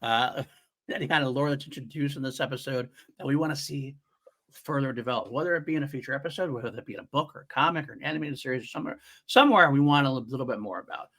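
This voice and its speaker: A man with a bright, forceful voice talks through a fan podcast review as co-host. He is eager and chatty, and he often laughs while acting out favorite lines. His pitch sits in the usual middle for a man. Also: fast. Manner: excited, laughs while quoting scenes.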